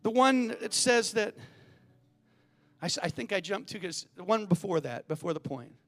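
A man's voice: sits high, lively intonation, moderate pace. A man preaching a sermon as a pastor, emphatic and calling out to the congregation in a church.

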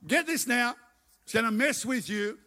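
A man's voice: extremely high pitch, moderate pace, sharp tone. A middle-aged man preaching a sermon, emphatic and repeating his phrases as he tells his own story. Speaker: pastor.

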